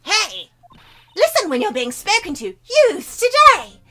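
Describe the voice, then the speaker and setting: A woman doing a crabby old security guard lady from a video game, who scolds and rambles on about the youth of today. The voice sits high and bright and swoops all over the place. She drags her words out slowly. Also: huge pitch swings, crowd noise, full character voice. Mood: scolding. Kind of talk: game dialogue voiced aloud.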